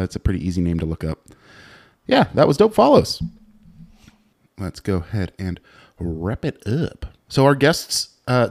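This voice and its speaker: A young man hosting a podcast with a very low voice. He talks in a laid-back, loose way and drops casual swears. His delivery is easy and unhurried. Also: darkish tone. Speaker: podcast host.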